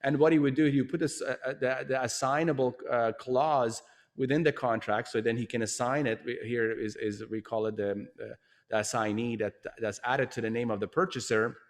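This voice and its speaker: A man's voice: medium pitch, steady tone, brisk. Thoughtful male host. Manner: thoughtful, with fillers and restarts. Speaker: show host. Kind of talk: interview discussion.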